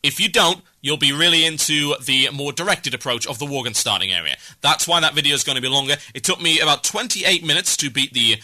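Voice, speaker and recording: A man hosting a podcast, chatting briskly and wryly while he plays a game. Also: a little high, lively intonation, sharp tone. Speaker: podcast host. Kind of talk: casual gaming podcast chat while playing.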